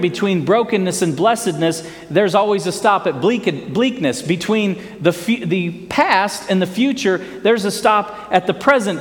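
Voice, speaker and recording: A man preaching a sermon in an animated, folksy way, often asking his congregation questions. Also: sits high, measured pace. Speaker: pastor. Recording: long hall reverb.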